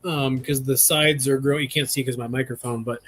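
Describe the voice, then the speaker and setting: A man's voice: medium pitch, fairly even intonation, brisk, fairly bright tone. A man co-hosting a casual livestream, joking and playful as he explains things. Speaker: livestream co-host.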